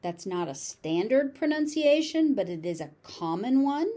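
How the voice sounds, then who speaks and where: A woman with a General American accent teaching pronunciation, saying each word several times slowly and deliberately. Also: fairly high pitch, very animated, dark tone. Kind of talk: slow, carefully articulated pronunciation lesson.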